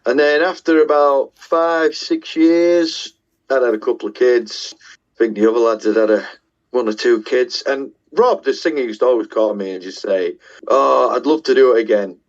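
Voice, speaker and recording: A middle-aged guest musician from Yorkshire talks at normal speed in a mid-range voice, with a Yorkshire English accent. His casual stories are self-deprecating, sprinkled with the odd swear word, and the audio is dull.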